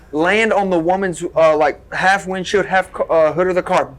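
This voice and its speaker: A young man from Tennessee, a former wrestler, telling a story as a podcast guest in an animated, lively way with sound effects. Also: high-pitched, moderate pace. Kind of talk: casual storytelling.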